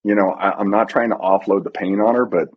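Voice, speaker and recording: A middle-aged man with a low, husky voice answers interview questions haltingly. He speaks softly and leans on filler words as he works through each thought. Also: steady tone, muffled recording. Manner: halting, soft, frequent fillers. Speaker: guest, retired pararescueman. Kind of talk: reflective interview.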